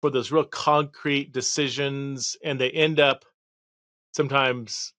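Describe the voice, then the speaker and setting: A man's voice: medium pitch, little pitch movement, takes it slowly, pushed and bright, no echo. A man hosting a podcast interview, thoughtful and a little hesitant as he asks questions. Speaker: podcast host.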